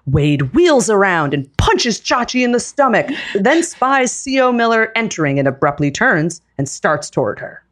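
A woman reading the stage directions aloud in a live script reading, in a steady, deliberate manner. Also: mid-range voice. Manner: steady, deliberate, with occasional laughs.

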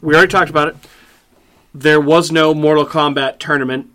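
This podcast co-host's voice is a little high and his delivery a little fast. Chatting casually about movies, he tells stories in an animated, emphatic way, with plenty of profanity.

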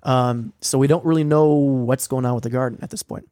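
A young man telling a story in casual chat, swearing a lot and filling his talk with "like" and "um," sometimes acting out quoted lines in a higher voice. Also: steady tone, fairly quick, mellow, dry recording, studio quality. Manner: profane, rambling storytelling with many fillers; acts out quoted lines with a raised voice. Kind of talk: casual recap of a streamed game.

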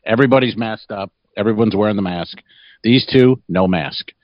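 A man's voice: on the low side, normal speed, no room sound, lo-fi sound. A man hosting a comedy podcast, telling rambling crude stories and laughing often. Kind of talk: casual comedic storytelling.

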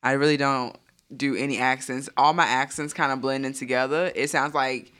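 Bright-voiced animated man. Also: mid-range voice, moderate pace, smooth. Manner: animated, swearing, laughs often. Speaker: podcast co-host. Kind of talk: casual chat.

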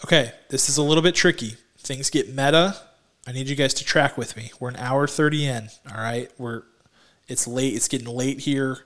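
A man co-hosting a casual movie podcast, excitable and gushing, with many "like"s and restarts. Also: mid-range voice, moderate pace. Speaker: podcast co-host.

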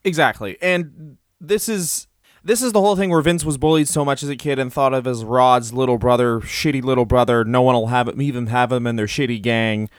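A man's voice: mid-range voice, fairly even intonation, a little fast, dry recording, clean studio sound. A man co-hosting a podcast in casual chat, laughing often and wandering into side remarks. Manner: laughs often, rambling asides. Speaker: podcast co-host.

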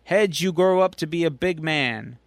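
A man's voice: a little high, moderate pace, vocal fry, no room sound. A man putting on a folksy older mentor. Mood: teasing, fond.

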